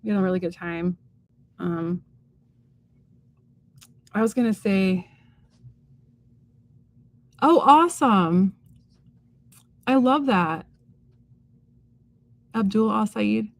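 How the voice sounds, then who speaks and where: A woman's voice: medium pitch, animated, slow, creaky, long pauses, no echo. A middle-aged woman hosting a casual livestream chat, rambling and enthusiastic with lots of fillers. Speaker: psychic medium and livestream host.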